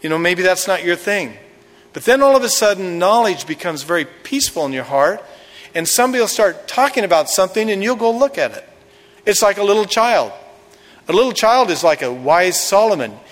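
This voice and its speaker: A man's voice: high-pitched, a bit bright, in a large hall. A man preaching a sermon as pastor, in a folksy storytelling way with jokes.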